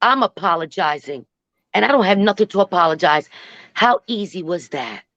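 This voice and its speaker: A woman's voice: medium pitch, animated, fairly quick, a bit bright, no room sound, dull audio. A woman calling into a live stream, speaking bluntly, cursing and repeating herself. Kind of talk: emotional call-in rant.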